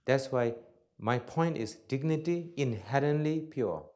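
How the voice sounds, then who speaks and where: A man giving a dharma talk as a Buddhist teacher, blunt and joking, in broken English grammar, swinging between loud emphatic bursts and soft asides. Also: medium pitch, animated, a little slow.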